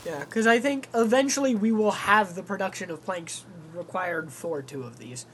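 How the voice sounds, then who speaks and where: A man co-hosting a game stream, relaxed and thinking aloud as he plays. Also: sits high, moderate pace, slight background noise, low-quality recording. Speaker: co-host. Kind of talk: casual gameplay stream chat.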